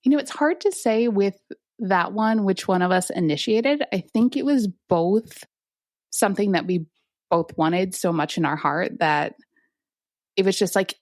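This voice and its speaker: A woman physician guest in a conversational interview, explaining things calmly and in clinical detail. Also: mid-range voice, normal speed, no room sound, clean studio sound.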